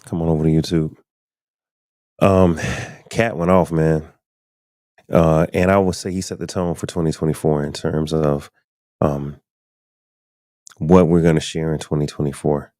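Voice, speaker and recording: A man's voice: extremely low pitch, little pitch movement, measured pace, long pauses, warm tone, no room sound, clean studio sound. A man hosting a live podcast stream, chatting loosely and speaking straight to his viewers. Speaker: podcast host. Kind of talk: casual live-stream commentary.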